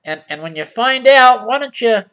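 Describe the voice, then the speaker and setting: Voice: mid-range voice, animated, moderate pace, fairly bright tone. A storyteller who reads a children's story aloud to mock it, making sarcastic asides to the listeners and restarting sentences. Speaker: storyteller and channel host.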